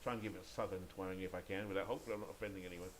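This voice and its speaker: A man's voice: low-pitched, steady tone, rapid-fire, a little hiss or hum, rough recording. A British man calling play-by-play for a baseball video game he is playing, chatting and thinking aloud between calls. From Great Britain. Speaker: gamer and play-by-play caller.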